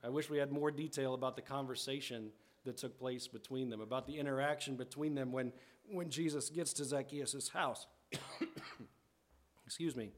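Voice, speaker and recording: A man's voice: medium pitch, steady tone, normal speed. A man preaching a sermon as a pastor, conversational, often checking in with the congregation and rephrasing as he explains scripture.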